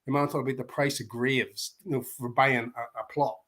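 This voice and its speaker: A man's voice: mid-range voice, fairly even intonation, a little fast, fairly bright tone. Irish man telling stories with laughs. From Ireland. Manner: storytelling, laughs often, many restarts. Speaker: martial arts instructor, guest. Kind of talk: casual chat.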